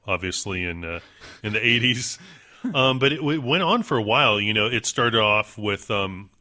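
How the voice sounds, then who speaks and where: A man's voice: lowish voice, lively intonation, moderate pace, pushed and bright. A man co-hosting a casual podcast chat, enthusiastic and full of fillers. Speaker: podcast co-host.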